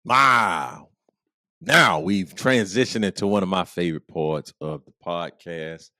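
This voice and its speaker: A man's voice: low-pitched, a little slow, pushed and bright. A middle-aged man hosting a podcast, joking through a comedic monologue with playful asides and frequent laughter. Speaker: podcast host.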